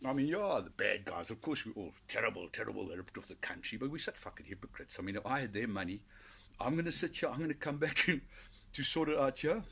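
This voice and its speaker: A man's voice: mid-range voice, lively intonation, fast talker, creaky, a bit bright, husky. A South African man hosting a podcast, rambling through sardonic, foul-mouthed commentary. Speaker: podcast host. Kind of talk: casual solo commentary.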